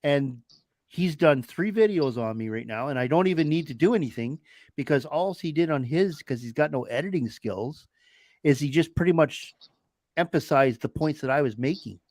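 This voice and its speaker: A man's voice: fairly high pitch, animated, normal speed, darkish tone, dry recording. A man with a Canadian accent hosting a casual live stream from his laptop, rambling and laughing at himself. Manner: rambling, self-deprecating, laughs often. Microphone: laptop mic.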